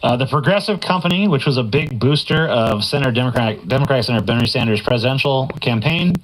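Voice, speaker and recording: Man, news report reading, quick pace, even delivery. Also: mid-range voice, a little hiss or hum, low-quality recording.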